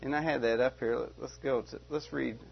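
A man's voice: mid-range voice, steady tone, fairly quick, gravelly, slightly rough. A man preaching a sermon, stressing and repeating key words and lifting his voice on questions. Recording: dull lo-fi recording.

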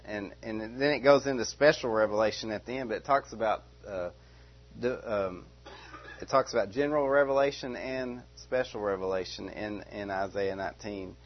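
A man teaching through a Bible passage verse by verse, earnest, often repeating himself and asking rhetorical questions. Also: mid-range voice. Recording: dull lo-fi recording.

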